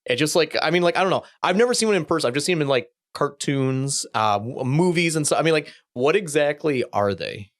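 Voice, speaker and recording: A man hosting a casual chat show, talking in a hesitant, halting way. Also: fairly high pitch, expressive, dry recording, clean studio sound. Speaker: host.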